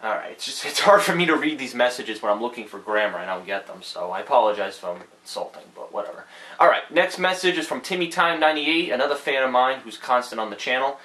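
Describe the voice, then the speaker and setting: A man's voice: mid-range voice, expressive, fast talker, sharp tone. Profane, rambling man reading fan mail. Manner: rambling, profane, stumbles over misspelled messages. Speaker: channel host answering fan mail. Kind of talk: casual chat, reading messages aloud. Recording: roomy echo.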